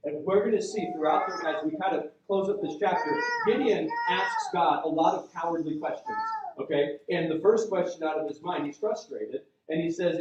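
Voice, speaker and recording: A man's voice: a little high, very animated, moderate pace, few pauses, dull audio, slight background noise. A male pastor preaching a sermon in a church sanctuary. He talks in a chatty, conversational way with lots of asides. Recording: very echoey church sound from a distant mic.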